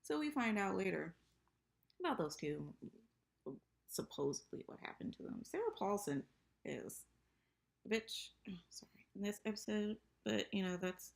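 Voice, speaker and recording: A woman's voice: medium pitch, animated, moderate pace, vocal fry, pauses often. A woman in her thirties chatting casually and profanely through a TV episode recap. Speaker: TV recap vlogger.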